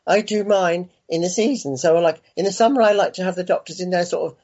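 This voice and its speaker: A man's voice: sits high, fairly quick, a little mellow, dull audio. A man talking as a guest in a casual interview, rambling and chatty. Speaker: guest collector.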